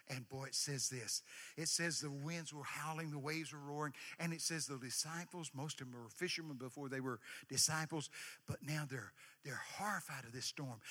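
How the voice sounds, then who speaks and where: A man preaching, his voice bright and cutting, pitched a little high. He leaps up and down in pitch, dropping to near-whispers and then shouting out lines. The sound rings with long reverb from a big hall. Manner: emphatic preacher, swings from hushed to shouting, call-and-response with the crowd. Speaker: pastor. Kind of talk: sermon.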